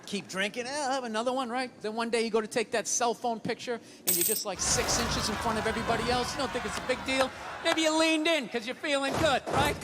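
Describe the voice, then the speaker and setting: Ranting high-voiced male stand-up comic. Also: quick pace. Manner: profane, ranting, acts out arguments. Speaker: stand-up comedian. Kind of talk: stand-up comedy routine. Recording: loud background noise.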